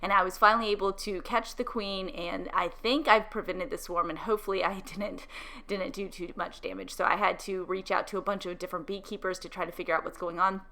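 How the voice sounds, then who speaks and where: A woman's voice: medium pitch, fairly even intonation, brisk, pushed and bright. A woman introducing her beekeeping vlog in a rambling, casual way, with many fillers and restarts. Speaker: beekeeping vlogger.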